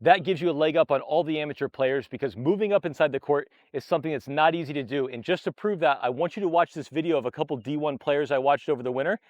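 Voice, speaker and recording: A man's voice: on the high side, quick pace, few pauses, dry recording, highs cut off. A man coaching tennis, explaining technique and drills in a direct, upbeat way, step by step. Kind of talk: instructional coaching talk.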